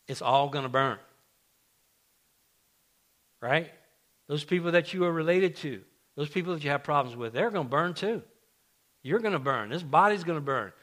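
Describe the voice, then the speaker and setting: A man's voice: mid-range voice, a little fast, long pauses, a bit bright. A man preaching a sermon as pastor, emphatic, repeating key phrases and restarting often. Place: church sanctuary.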